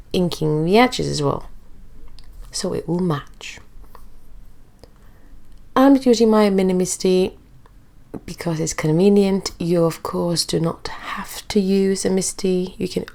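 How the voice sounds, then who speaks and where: A woman's voice: on the low side, gravelly, a little mellow. A woman narrating a craft tutorial in a chatty, easygoing way, sounding stuffy and congested. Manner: chatty and easygoing, with filler pauses. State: stuffy, recovering from illness.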